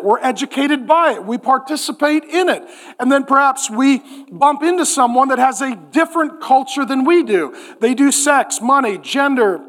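A man in his forties preaching a sermon in church, joking and acting out little voices. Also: extremely high pitch. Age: 40s. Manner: animated, joking, acts out voices in quotes. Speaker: pastor.

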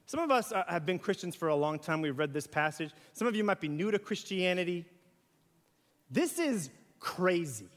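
The high voice of a pastor, somewhere between young adult and middle age, rings through a church sanctuary with hall reverb. Very animated but at normal speed, he preaches conversationally, mixing rhetorical questions with acted-out everyday scenarios.

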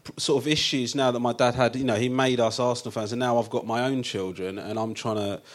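A man with an ordinary, middle-pitched voice tells comic stories on stage in a theatre. He is chatty and self-mocking, and he laughs often at his own jokes. He talks to a live audience. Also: steady tone, fairly quick. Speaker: comedian guest. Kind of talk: comic storytelling on a live show.

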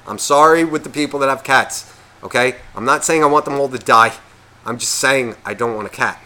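A man's voice: medium pitch, fairly quick, sharp tone. A man co-hosting a podcast, ranting in a casual, profane way and acting out imagined voices. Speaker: podcast co-host.

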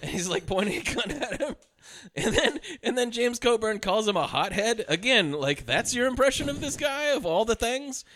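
A man co-hosting a film podcast, recounting movie scenes in casual chat and shouting out lines he quotes. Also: very high voice, normal speed, few pauses, slight background noise. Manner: animated retelling, mimics shouted lines. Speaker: podcast co-host.

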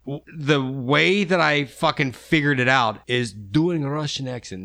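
Gravelly, bright-toned male podcast host. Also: medium pitch, measured pace, hardly any pauses. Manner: profane, rambling storytelling. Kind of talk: casual podcast chat.

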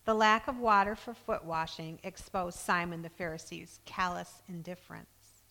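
A woman's voice: on the low side, moderate pace, sharp tone, big-room sound, poor audio. A woman preaching a sermon, earnestly reading scripture aloud with emphasis.

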